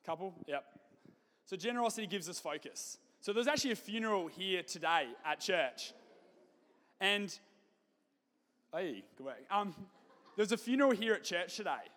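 Male preacher, higher pitch, animated and jokey, long church reverb. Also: moderate pace, pauses often. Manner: lively, animated, jokey asides. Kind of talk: sermon with storytelling.

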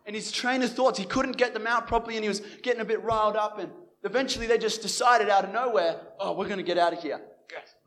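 A man's voice: sits high, quick pace, hardly any pauses. A young man, telling a personal faith testimony and acting out the dialogue he quotes. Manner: animated, acts out the dialogue he quotes. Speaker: Christian evangelist.

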